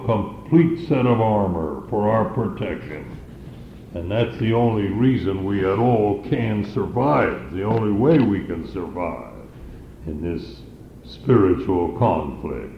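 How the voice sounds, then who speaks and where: A man delivers a sermon at a deliberately slow pace, leaning on and repeating key phrases. His voice sits in a roomy, echoing space. The recording is dull and lo-fi, with a faint hiss underneath. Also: on the low side. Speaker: preacher.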